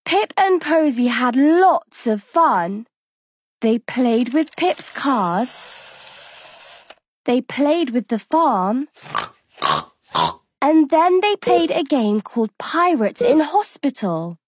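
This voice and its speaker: A woman reading a children's bedtime story aloud in a slow, expressive, sing-song way. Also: sits high. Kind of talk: scripted bedtime story narration.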